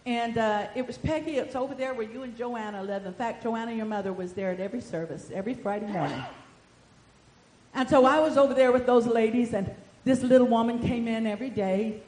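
A woman preaching a sermon in a fervent storytelling manner, swinging between shouts and hushed asides. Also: on the high side, fairly quick. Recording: echoey room.

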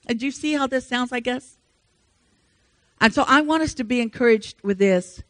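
An older woman preaching a sermon with emphatic rhetorical questions, swinging between loud rises and soft drops. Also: a little high, moderate pace, no echo.

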